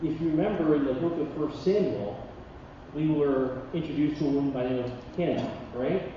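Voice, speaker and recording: A man preaching a sermon, reading scripture with dramatic pauses and chatting with the congregation between passages. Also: on the high side, slight background noise. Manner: expressive Bible reading, dramatic pauses, conversational asides. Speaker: pastor. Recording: distant mic in a reverberant hall, dull sound.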